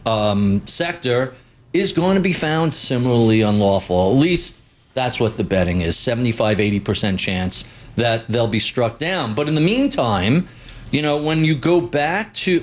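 Blunt man talking markets. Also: medium pitch. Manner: blunt, opinionated. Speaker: guest market commentator. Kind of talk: unscripted interview talk.

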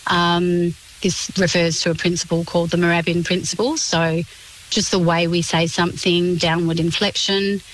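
A woman, a communications specialist answering on a radio interview in a clear, explanatory, measured way. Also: lowish voice, flat delivery, slight background noise, rough recording.

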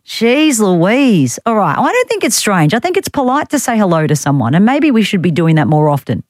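Quick and sing-song in a lowish voice, an Australian radio host runs casual talkback, wryly teasing and reading listener texts aloud. Her studio microphone captures no room sound.

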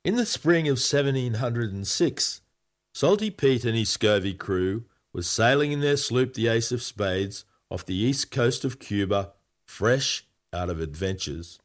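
A man's voice: mid-range voice, animated, a little slow. A man reading a children's story aloud in a playful, whimsical way.

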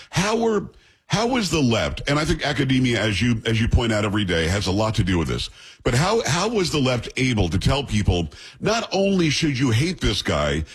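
A middle-aged man hosting a casual interview. His voice is deeply raspy, and his pitch swings up and down as he presses his questions with emphasis. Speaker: host.

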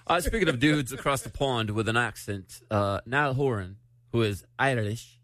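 A man's voice: medium pitch, normal speed, fairly bright tone. Playful man host steering the chat. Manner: playful, leads topics. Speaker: radio show host. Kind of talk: casual chat.

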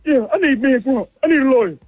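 A man's voice: very high voice, animated, rapid-fire, faint music behind. A man voicing an indignant male mutt dog calling in on a tinny phone line, aggrieved and stammering.

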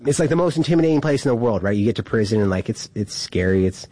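A man telling a story in a casual, animated way, full of fillers and quick laughs. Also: fairly low pitch, no echo.

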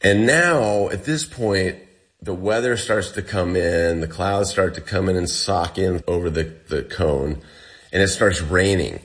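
A man, the guest, recounts a personal ordeal in a casual storytelling way, with lots of fillers and a pace that speeds up and slows down. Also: low-pitched.

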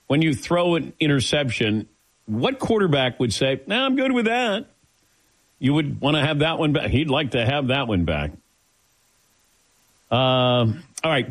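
A man hosting a sports radio talk show, joking with his crew between segments. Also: mid-range voice. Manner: lively, joking, sets up segments.

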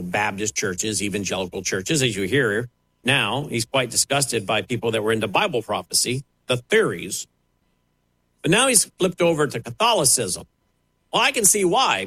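A man's voice: mid-range voice, a bit bright, dry recording, low-quality recording. A man giving pointed, sarcastic opinion commentary on air, talking in a loose conversational way. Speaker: radio commentator.

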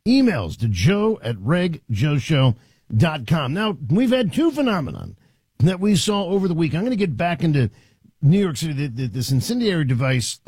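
A man's voice: a little high, big pitch swings, moderate pace, darkish tone, breathy edge, no echo. A middle-aged man hosting a talk radio show, delivering an opinionated, sarcastic monologue in a conversational way.

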